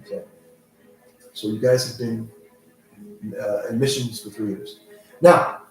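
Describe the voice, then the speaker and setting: A man's voice: fairly low pitch, little pitch movement, unhurried, a little mellow, faint music behind. A man narrating a tabletop role-play game as game master, rambling loosely with many fillers. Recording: echoey room, mic far off, faint noise.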